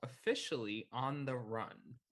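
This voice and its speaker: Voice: mid-range voice, measured pace, a crowd in the background. A player in a tabletop game, upbeat, asking about the rules. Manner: upbeat, asks rule questions. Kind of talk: casual tabletop game chat.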